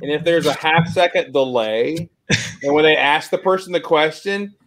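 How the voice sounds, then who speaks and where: Man, slightly high voice, chatty, animated storyteller, casual stream talk. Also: moderate pace. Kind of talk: casual chat on a group stream.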